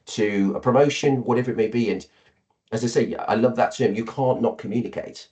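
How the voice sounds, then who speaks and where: A man's voice: medium pitch, brisk, dark tone. A man hosting a business podcast, conversational and affirming, often restarting his sentences. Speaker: podcast host. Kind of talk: podcast interview.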